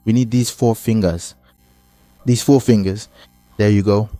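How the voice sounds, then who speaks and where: Male bass instructor, warm and low-pitched, calm repetitive walkthrough. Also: a little slow, no echo. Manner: repetitive, patient step-by-step explaining. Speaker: bass guitar teacher. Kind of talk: hands-on instrument lesson.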